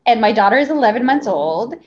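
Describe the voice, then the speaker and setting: A woman's voice: on the high side, quick pace. Woman, 30s, candid guest storyteller, filler-heavy and profane, slightly dull lo-fi sound. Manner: animated, profane, full of fillers. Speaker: guest journalist.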